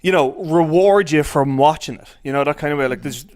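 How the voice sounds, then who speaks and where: A man's voice: on the high side, clear, resonant tone. Chatty man reviewing films. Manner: rambling, heavy use of "like", quick bursts of excitement. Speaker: film critic. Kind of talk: casual chat.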